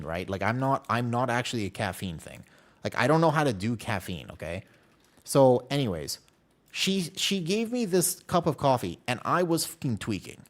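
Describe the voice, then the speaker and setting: A man chatting casually on a live game stream, telling rambling self-deprecating stories and answering chat messages aloud. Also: medium pitch.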